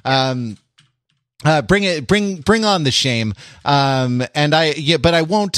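A man's voice: on the high side, lively intonation, unhurried, a bit bright, dry recording, studio quality. A man hosting a podcast in casual chat, rambling and joking, with many fillers and restarts. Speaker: podcast host.

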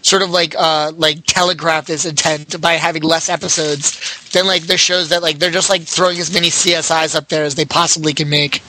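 A man's voice: a little high, flat delivery, brisk, background noise. A man co-hosting a casual chat show, thinking aloud and filling his sentences with "like". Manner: musing, heavy use of "like". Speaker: podcast co-host.

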